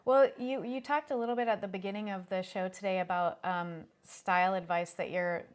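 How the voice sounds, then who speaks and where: A woman's voice: mid-range voice, fairly even intonation, fairly quick, clear, resonant tone. Young woman, co-host, casual live chat, supportive, agreeable. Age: young adult. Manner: supportive, lots of short agreeing replies.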